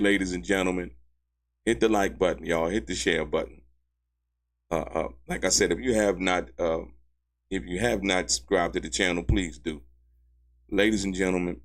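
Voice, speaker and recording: Male commentary host, casual, low-pitched voice that shoots up when he's indignant, emphatic repeater. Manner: excitable, repeatedly addressing "ladies and gentlemen", pitch leaping high when outraged; laughs mid-sentence, emphatic repetition.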